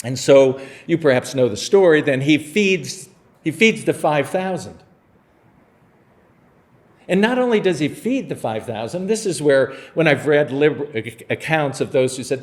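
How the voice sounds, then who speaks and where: A man's voice: mid-range voice, animated, measured pace. A man preaching a sermon as pastor, explaining a Bible passage in a casual, conversational way and acting out scenes with humor.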